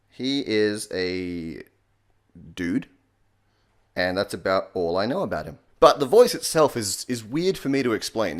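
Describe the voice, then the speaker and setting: Australian man, deadpan, sarcastic, sweary, lowish pitch, lively intonation. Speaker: comedy YouTuber. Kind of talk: joking voice tutorial.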